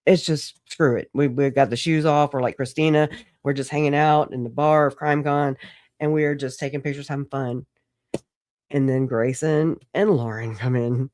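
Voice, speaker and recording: A woman's voice: a bass voice, fairly even intonation, normal speed, a little mellow, no echo, studio quality. A woman hosting a casual solo livestream, rambling through stories, swearing and laughing often. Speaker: livestream host.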